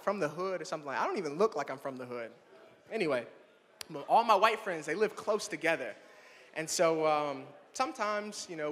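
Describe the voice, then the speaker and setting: Young man, stand-up comic, high voice, lively swinging delivery, long hall reverb. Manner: animated, playful, addresses the audience directly. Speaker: stand-up comedian. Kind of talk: stand-up comedy set.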